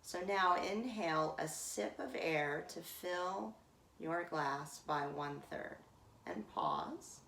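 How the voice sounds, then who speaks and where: A woman leading a guided breathing meditation in calm, drawn-out phrases with long pauses. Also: lowish voice, vocal fry, a little hiss or hum. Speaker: meditation teacher. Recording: roomy echo from a distant mic.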